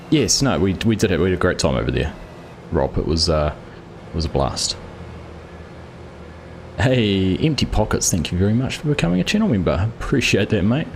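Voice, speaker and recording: Low-voiced man hosting a game stream. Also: a little hiss or hum. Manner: chatty, greets viewers by name while playing. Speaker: livestream host. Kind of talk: casual gameplay commentary.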